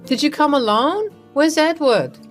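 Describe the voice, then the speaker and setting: A woman voicing an energetic older mother-in-law with graying hair who fusses over her daughter-in-law. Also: high-pitched, measured pace, faint music behind, pitched above the performer's own voice. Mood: worried.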